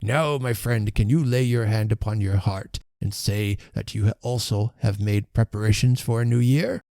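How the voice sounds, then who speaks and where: A man voicing a pompous, self-important gentleman who speaks slowly and oracularly, in a storybook reading. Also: on the low side, dry recording, clean studio sound, close to an everyday voice. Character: pompous rich older gentleman.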